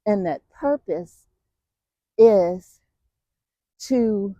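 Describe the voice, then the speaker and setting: A woman talks slowly as she walks, reflective and emotional, often pausing on fillers. Her voice is warm and mellow. The recording is dry and a bit dull. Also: medium pitch, dry recording. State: walking. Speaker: vlogger. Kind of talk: casual walking talk.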